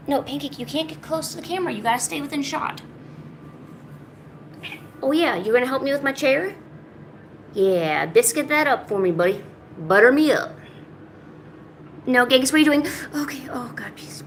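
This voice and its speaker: A woman with a high, bright voice that swoops up and down constantly, talking sweetly to her pets between asides to viewers. She chats casually from home in an affectionate, playful tone. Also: a little hiss or hum. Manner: cooing baby talk to her pets. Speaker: art streamer.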